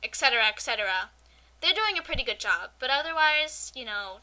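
A young woman co-hosts a casual amateur podcast, talking in a high voice. Her tone is very bright and sharp. She chats fast and easily slips into animated rants. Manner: chatty, animated, quick to rant. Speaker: podcast co-host.

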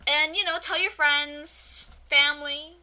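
A woman's voice: high-pitched, fairly even intonation, slow pace, bright, forceful tone. A young woman co-hosting a podcast, chatting casually in a giggly, rambling, playful way. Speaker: podcast co-host. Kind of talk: casual chat.

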